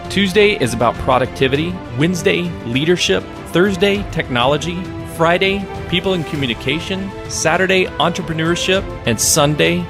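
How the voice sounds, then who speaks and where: A man's voice: fairly high pitch, vocal fry. A man hosting a tech podcast, chatty and upbeat, laughing often as he talks with his guest. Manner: chatty, laughs often, shifts into a soft radio voice. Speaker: podcast host. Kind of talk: casual podcast chat.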